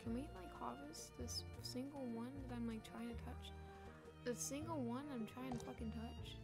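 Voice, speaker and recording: A woman's voice: on the high side, moderate pace, vocal fry, over loud music. A young woman streaming a cozy game, chatting casually and swearing, with sudden frustrated outbursts. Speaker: gaming streamer. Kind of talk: casual let's play commentary.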